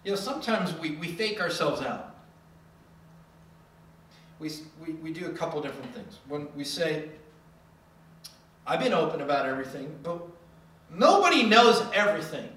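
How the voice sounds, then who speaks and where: A preacher giving a sermon in a lively way, acting out quoted voices with humor. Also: medium pitch, moderate pace, long pauses, slight background noise. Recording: echoey hall from far off.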